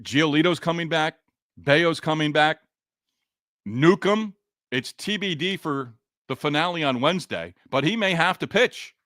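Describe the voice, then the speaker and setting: A man's voice: fairly high pitch, lively intonation, a little slow, a bit bright, dry recording, studio quality. A man hosting a sports podcast, reading listener comments in a frustrated, sarcastic, rambling way. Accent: Boston. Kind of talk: casual sports podcast talk.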